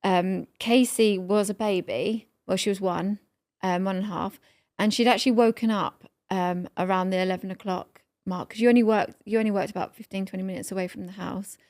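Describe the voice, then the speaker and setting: Woman in her thirties, mid-pitched voice, chatty, teasing, podcast co-host. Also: fairly even intonation, brisk, darkish tone. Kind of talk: casual chat.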